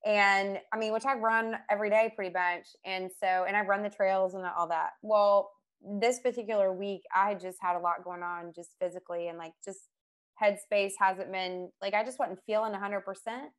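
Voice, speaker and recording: A woman chats casually and tells personal stories with lively emotion. Her pitch sits in the middle of the range, and she laughs often as she talks. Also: normal speed, clear, resonant tone. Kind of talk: casual chat.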